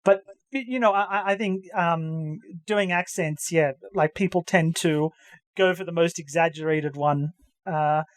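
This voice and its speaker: A podcast co-host chatting casually about anime dubs, halting and full of restarts, slipping into hammy accent impressions. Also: medium pitch, no echo. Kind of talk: casual chat.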